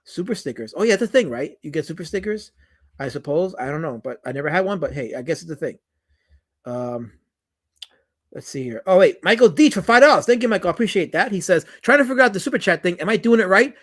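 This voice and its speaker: A man's voice: high voice, lively intonation, fast talker, a bit bright. A man hosting a livestream, reading viewer chats aloud and answering them in a joking, mock-indignant way that trails off into mumbles. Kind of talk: rambling livestream chat.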